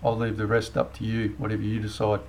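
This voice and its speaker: A man's voice: lowish voice, completely flat delivery, quick pace, poor audio. A middle-aged Australian man hosting a commentary channel, ranting bluntly with casual swearing, then leading a prayer. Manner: blunt, heated, swears freely. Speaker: channel host.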